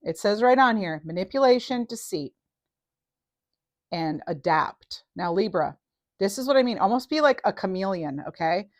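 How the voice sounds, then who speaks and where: A woman giving a casual tarot reading to camera, chatty and animated, full of fillers and restarts. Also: mid-range voice, normal speed, no echo, clean studio sound. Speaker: tarot reader.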